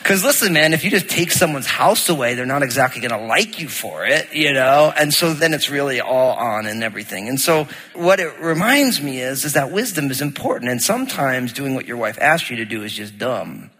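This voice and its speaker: A middle-aged man preaching a sermon as pastor, telling a story in an animated way and acting out what people said. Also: mid-range voice, fairly quick, few pauses, in a large hall. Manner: storytelling, animated, acts out quotes.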